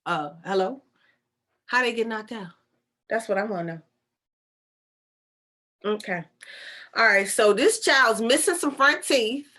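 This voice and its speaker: Bright-voiced woman telling a story casually. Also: on the high side, lively intonation, unhurried, long pauses. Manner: chatty, incredulous asides with rhetorical questions; informal colloquial speech. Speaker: channeler and storyteller.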